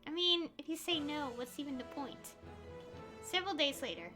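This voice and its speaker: A woman streamer with a high, bouncy voice that leaps around as she reads game dialogue aloud. She talks casually, chatty and giggly, with asides between lines. Game music plays clearly behind her. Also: expressive, moderate pace.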